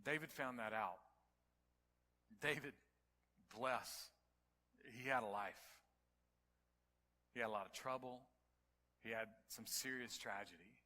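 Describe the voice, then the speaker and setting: A man preaching a sermon to his congregation, telling stories and building to near-shouts at the climaxes. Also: mid-range voice, in a large hall. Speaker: pastor. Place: church sanctuary.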